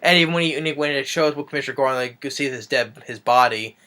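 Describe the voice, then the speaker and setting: Guy doing a loose movie recap, bright forceful voice, lots of ums and restarts. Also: mid-range voice, fast talker. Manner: rambling, full of fillers and restarts. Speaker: movie reviewer.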